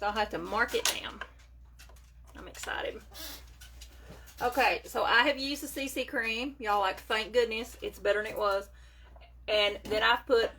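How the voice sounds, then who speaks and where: Chatty, sharp-voiced woman live-streaming makeup. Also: medium pitch. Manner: chatty, greets viewers by name, talks to them warmly. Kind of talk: casual live chat while doing makeup. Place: at home. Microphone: phone or webcam for a live video.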